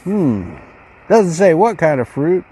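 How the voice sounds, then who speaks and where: A man hosting a casual unboxing video, musing aloud in a slow, rambling way as he goes through a ration pack. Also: on the high side, sing-song, warm tone, a little hiss or hum, low-quality recording. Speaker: channel host reviewing ration packs.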